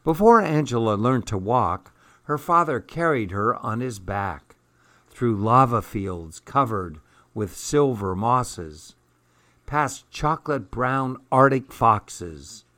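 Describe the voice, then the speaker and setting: Brief: gentle male read-aloud narrator, unhurried, dry and close. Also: mid-range voice, dry recording. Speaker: storyteller. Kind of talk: children's storybook read-aloud.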